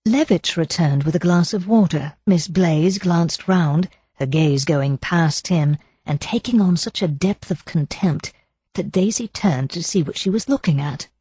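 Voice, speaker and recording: A woman narrating a cozy mystery audiobook in an even, measured storytelling style. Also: lowish voice, husky, dry recording. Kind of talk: scripted narration.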